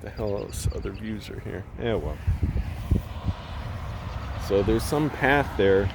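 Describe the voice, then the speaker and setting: A man's voice: lowish voice, slow pace, creaky, background noise. A young man vlogging outdoors on a hillside while walking, rambling and swearing freely in a casual rant.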